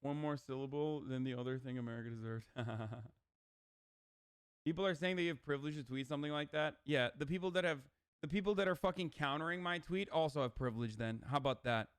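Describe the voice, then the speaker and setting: Dude streamer ranting and cussing on a close mic, kinda high voice, smooth and clear, dead dry sound. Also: male voice, quick pace, no echo. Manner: profane, ranting, argumentative. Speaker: livestreamer. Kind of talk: casual reaction commentary.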